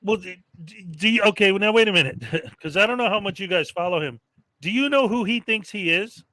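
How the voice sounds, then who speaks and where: High-voiced man hosting a chat stream. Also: lively intonation, brisk, pushed and bright, no echo, rough recording. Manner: rambling with fillers and laughs. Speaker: livestream co-host. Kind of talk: casual chat.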